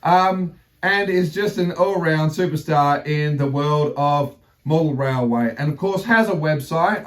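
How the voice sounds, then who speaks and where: Enthusiastic, chatty hobby vlogger. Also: male voice, a little high. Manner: enthusiastic, chatty and theatrical, with exclamations and fillers. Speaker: model railway channel host. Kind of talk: casual unboxing vlog.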